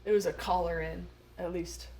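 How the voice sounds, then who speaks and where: A woman's voice: lowish voice, steady tone, normal speed, mellow, poor audio. A woman from the United States co-hosting a podcast in casual chat, dropping wry, sarcastic quips. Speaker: podcast co-host.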